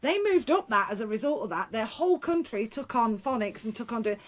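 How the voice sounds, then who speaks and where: A middle-aged woman with a fairly high voice talks as an interview guest, a speaker and one-time teacher. She tells her stories frankly and bluntly, breaking into laughter, restarting her sentences and letting a mild swear word slip in. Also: very animated, brisk. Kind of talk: casual interview storytelling.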